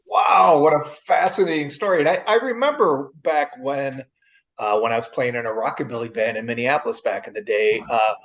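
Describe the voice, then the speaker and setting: A man's voice: mid-range voice, fairly quick, a bit bright, rough recording. A man hosting a podcast, giving short reactions and chatting casually with his guest. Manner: short reactions, easy laughs. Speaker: podcast host. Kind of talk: casual interview chat.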